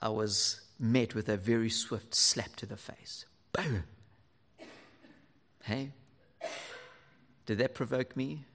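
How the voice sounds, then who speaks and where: A man preaching a sermon to fathers, earnest and lively, sometimes dropping almost to a whisper for emphasis. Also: on the low side, slow pace, long pauses, long reverb tail, noisy background.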